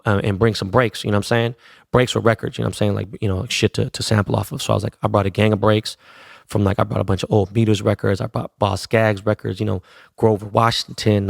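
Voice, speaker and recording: Gravelly, profane storyteller man. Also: lowish voice, no room sound, clean studio sound. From Los Angeles. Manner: profane, slangy, animated. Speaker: podcast host. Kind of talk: casual storytelling.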